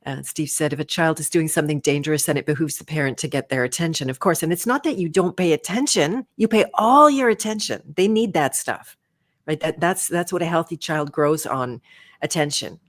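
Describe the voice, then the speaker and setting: A woman's voice: low-pitched, brisk. A woman hosting a live online interview, speaking in an affirming, conversational way over a video call. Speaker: host.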